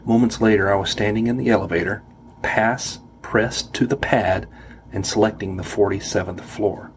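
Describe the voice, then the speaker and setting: A man narrating a first-person story, steady and wry. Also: lowish voice, a little fast, slight background noise. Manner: wry, self-deprecating. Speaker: audiobook narrator.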